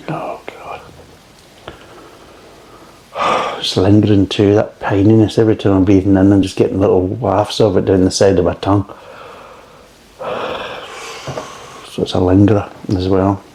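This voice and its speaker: A man's voice: lowish voice, level tone, normal speed, pauses often, warm tone, poor audio. A middle-aged man with a Scottish accent reviewing beer in a blunt, grumbling way and swearing often.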